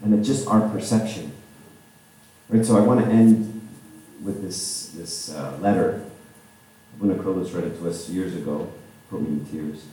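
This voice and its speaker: A low, dark-toned man delivering a sermon, talking it through casually and often tossing in a quick question to his listeners. He sounds far from the mic in a very echoey church. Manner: conversational, with frequent "right?" asides. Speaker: preacher.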